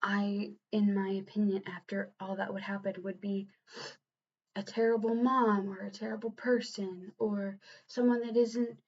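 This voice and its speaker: A young woman speaks in a confessional vlog, earnest and halting, often breaking off and starting her sentences again. Her voice sits at an ordinary middle pitch for a woman. The recording sounds slightly dull and lo-fi. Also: level tone, a little mellow. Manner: halting, earnest, with frequent restarts. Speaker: vlogger and new mother.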